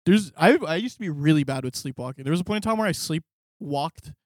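A young man in casual podcast chat, teasing and joking with his co-hosts. His voice sits slightly high. The recording is dry and close. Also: lively intonation, brisk, dry recording. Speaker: podcast co-host. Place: studio.

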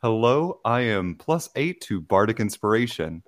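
A man's voice: on the low side, big pitch swings, moderate pace. A young adult man hosting a podcast, reading announcements and chatting. He stumbles over words and laughs at himself. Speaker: podcast host. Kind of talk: podcast intro and casual chat.

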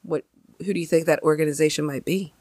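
A young adult woman hosting a podcast, telling a story in casual chat with lively emphasis and many fillers. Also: low-pitched, fast talker, no echo, studio quality. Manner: chatty, animated, many fillers. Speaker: podcast host.

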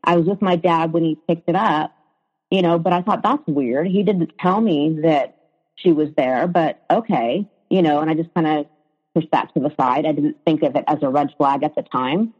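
A woman's voice: low voice, moderate pace, a little mellow, husky. A woman telling her own story in a conversation, hesitant, with frequent fillers and restarts. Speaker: guest sharing her story. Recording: reverberant, dull lo-fi sound.

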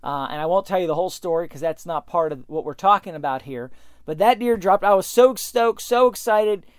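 A man hosting a podcast, telling a story in an animated way that speeds up and slows down. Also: sits high, clean tone, no echo, clean studio sound. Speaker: podcast host.

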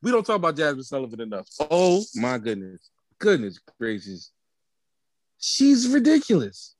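A man's voice: mid-range voice, sing-song, a little fast, no echo. A man co-hosting a podcast in casual, playful chat, laughing often. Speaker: podcast co-host.

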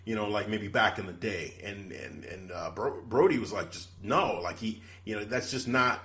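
Rambling low-voiced man on a podcast. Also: lively intonation, moderate pace, sharp tone. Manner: rambling, many "you know" fillers. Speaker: podcast co-host. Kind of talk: casual chat.

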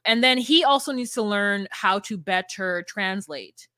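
A woman co-hosting a podcast, chatting casually with quick asides and frequent agreeing. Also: mid-range voice, bright, forceful tone, dry recording, studio quality. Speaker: podcast co-host. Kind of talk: casual recap chat.

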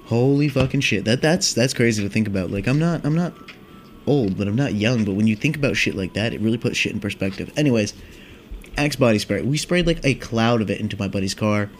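This twenty-something vlogger has a lowish, expressive voice and talks a bit fast as he rambles through a long, laid-back story, cursing and dropping "like" and "dude" nonstop. Slight hiss or hum sits under the audio.

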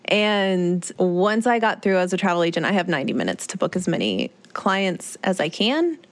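A woman working as a travel agent, telling a story in animated, chatty podcast conversation. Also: fairly low pitch, normal speed. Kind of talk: casual podcast chat.

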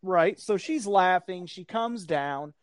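A man, casually telling a long story on a podcast, animated and profane, acting out the people he quotes. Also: high voice, slow, over a noisy crowd.

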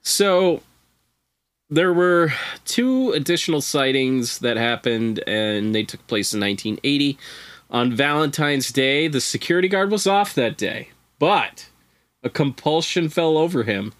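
A man's voice: on the high side, expressive, a little slow, fairly bright tone, no room sound. Man, podcast guest, casual storytelling, wry profane asides, dry close sound.

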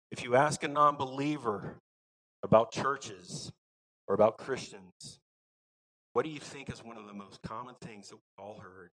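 A man's voice: medium pitch, normal speed, poor audio. Folksy Southern preacher man. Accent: Southern American. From American South. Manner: folksy, emphatic preaching with rising bursts and quiet asides. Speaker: pastor. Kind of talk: sermon.

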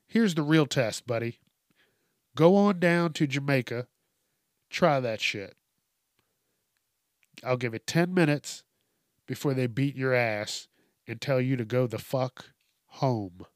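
A man delivers a profane comedic news rant in an unhurried, drawn-out way, laughing often as he mocks. His voice sits at a middling pitch and sounds close and dry, with no room echo. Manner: mocking, laughs often, heavy swearing. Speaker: host.

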